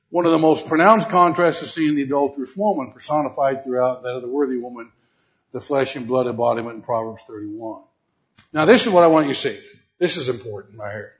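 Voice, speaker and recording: A man teaching a Bible lesson as a preacher, emphatic and questioning his listeners directly. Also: mid-range voice. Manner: emphatic, rising to loud repeated exhortation; asks the audience questions directly. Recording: dull lo-fi recording.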